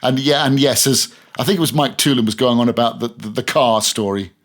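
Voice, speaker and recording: A man's voice: mid-range voice, fairly quick, a bit bright. A middle-aged man, a radio presenter, chatting as a podcast guest and telling stories with lots of restarts. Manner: rambling storyteller, many restarts. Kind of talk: casual interview chat.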